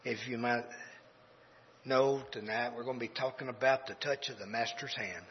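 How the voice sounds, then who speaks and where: A man's voice: medium pitch, fairly even intonation, moderate pace, breathy edge. Man preaching in an echoing hall. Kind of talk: sermon with a read-aloud story. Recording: dull lo-fi recording in a reverberant hall with faint hum.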